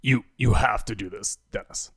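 A man's voice: fairly low pitch, moderate pace, slightly rough, dry recording. A man playing a pushy male boss who insists on the contract and keeps repeating himself in a comedy sketch. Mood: insistent.

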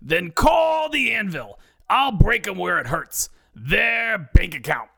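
A man voicing a sleazy male TV injury lawyer with a heavy Brooklyn accent, bellowing a drawn-out sales pitch in a comedy audio drama. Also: big pitch swings, gravelly, sharp tone, heavily acted. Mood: hard-selling.

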